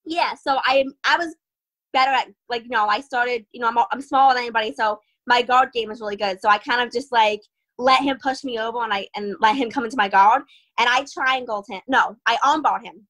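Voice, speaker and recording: A young adult woman, an MMA fighter, telling stories in an interview in a lively way, quick, full of "like" and laughter. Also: a little high. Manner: animated, fast, full of "like" and laughter. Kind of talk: casual storytelling interview.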